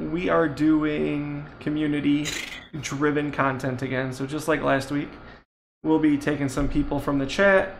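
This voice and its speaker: Gravelly-voiced man hosting a podcast. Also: a little high, slight background noise. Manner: relaxed, rambling, joking. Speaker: podcast host. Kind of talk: casual live podcast chat.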